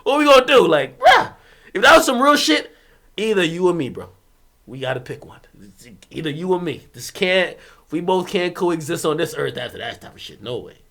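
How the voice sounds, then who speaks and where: A young man from Jamaica streaming and telling a story in loose, profane casual chat. His voice sits high and bright, and it jumps around wildly. He breaks into laughter and shouts between low asides. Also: moderate pace, gravelly. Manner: animated, swears freely, bursts of laughter, swings from loud to muttered.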